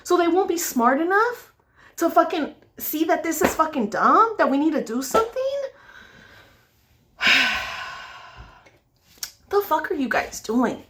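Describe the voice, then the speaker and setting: A woman's voice: sits high, very animated, measured pace, long pauses, noisy background. A woman makeup vlogger ranting angrily with lots of swearing and pleading questions while she does her makeup. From United States. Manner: angry, profane, pleading.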